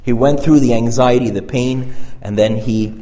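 Preacher, male, mid-pitched: earnest and informal, stumbles and restarts, long hall reverb. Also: steady tone, warm tone. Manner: earnest, halting, repeats and restarts phrases. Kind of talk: conversational sermon.

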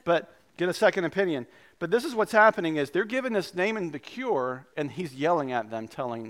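A male pastor preaching a sermon in a conversational, animated way. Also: fairly high pitch, fairly quick.

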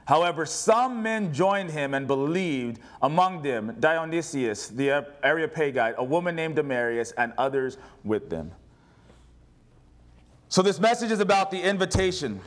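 A male pastor preaching a sermon, reading scripture aloud and putting questions to his congregation. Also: a little high.

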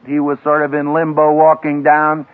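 Guy preaching to grads, kinda high voice, really dramatic swings, sounds like an old phone-thin radio tape. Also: completely flat delivery, moderate pace. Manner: dramatic, emphatic delivery with wide swings in pitch and loudness. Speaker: seminary professor preaching. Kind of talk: sermon to a graduating class. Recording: tinny lo-fi archival radio broadcast.

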